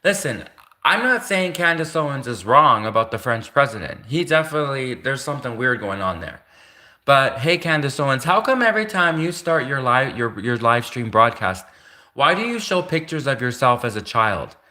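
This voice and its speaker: A livestream host keeps addressing the person he's calling out head-on, ranting casually and circling back to the same points. His medium-pitched voice swings widely in pitch, at normal speed, bright and forceful.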